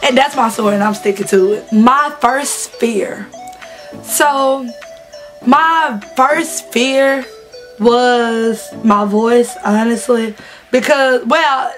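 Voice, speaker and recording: Taking it slowly, this woman's voice sits on the high side and sounds a bit bright, with soft music in the background. She's a Southern US vlogger in her 20s, telling candid, laughing stories to camera in a chatty, slangy way.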